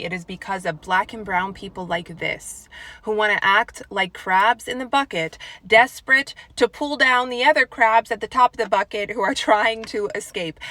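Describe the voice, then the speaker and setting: A woman's voice: mid-range voice, pushed and bright, no echo. A woman giving an emphatic opinion commentary monologue, full of rhetorical questions. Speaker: political commentator.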